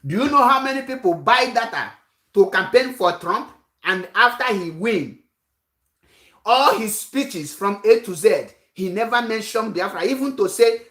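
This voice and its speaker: A woman's voice: mid-range voice, lively intonation, moderate pace, a bit bright, roomy sound. A woman giving a rousing political speech, full of rhetorical questions and repetition. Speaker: activist speaker.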